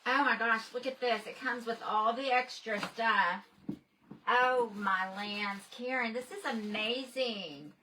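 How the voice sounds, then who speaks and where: An older woman with a drawl hosts a casual livestream, gushing excitedly and chatting to her viewers. Her voice is bright and a little high, and she talks at an unhurried, slow pace. A faint hiss of noise sits under her voice. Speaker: livestream host.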